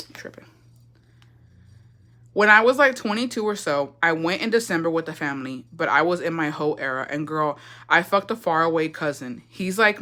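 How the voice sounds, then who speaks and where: This young woman's voice is on the low side, bright and forceful. As a livestream host in casual storytime chat, she recounts a profane, gossipy family story, laughing and blending Spanish phrases into her English.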